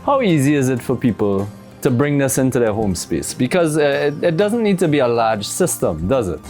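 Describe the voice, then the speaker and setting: Trinidadian TV host asking conversational questions. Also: male voice, medium pitch, very animated, moderate pace, darkish tone, faint music behind. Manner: conversational, asks questions with tag "right?". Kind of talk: interviewing a guest.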